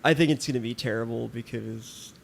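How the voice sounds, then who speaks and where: A man with a gravelly, fry-tinged voice co-hosting a casual podcast chat. He gives blunt, dismissive opinions, with a faint hiss in the background. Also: mid-range voice, brisk. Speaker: podcast co-host.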